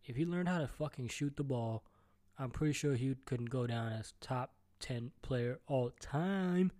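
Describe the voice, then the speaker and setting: A mellow-voiced man ranting alone on his podcast from home. He rambles from one topic to the next, swears freely, and stutters and restarts often. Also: mid-range voice, unhurried. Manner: rambling, profane, jumps between topics. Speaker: podcast host. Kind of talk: solo podcast rant.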